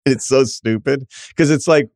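A man guesting on a sports podcast, animated and quick to laugh at his own ideas. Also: mid-range voice, no echo, clean studio sound. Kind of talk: casual sports chat.

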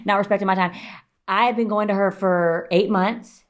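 Young woman, animated podcast chat. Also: mid-range voice, normal speed. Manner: animated storytelling, swearing, acts out quotes. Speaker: podcast co-host. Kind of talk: casual chat.

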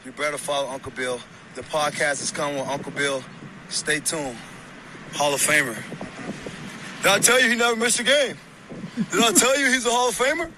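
A man plugs himself in a boastful, teasing way, his voice a little high. The clip was recorded outdoors, and car and street noise carry clearly behind him. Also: a little fast, pauses often. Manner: teasing, bragging. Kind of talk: boastful self-promo clip.

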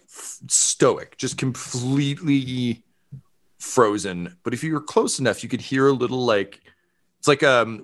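A man narrates a tabletop game as game master, loose and full of fillers. His voice sits at an ordinary middle pitch. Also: fairly bright tone. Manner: loose, filler-heavy storytelling.

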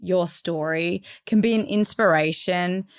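A woman's voice: fairly low pitch, a little slow, clean tone. A woman co-hosting a podcast, telling a story about her family in a chatty way. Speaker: podcast co-host. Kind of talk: casual conversational interview.

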